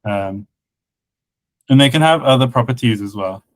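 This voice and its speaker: A man chatting casually on a podcast, explaining a constructed language, with many fillers and a patient, halting delivery. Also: mid-range voice, lively intonation, dry recording, rough recording. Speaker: conlang creator guest and co-host. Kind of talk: casual podcast chat about linguistics.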